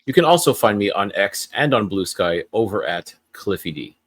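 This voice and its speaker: A man's voice: on the low side, animated, moderate pace, a bit bright, no echo. A man co-hosting a sports podcast, trading easygoing jokes in casual chat. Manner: joking, easygoing banter. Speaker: podcast co-host.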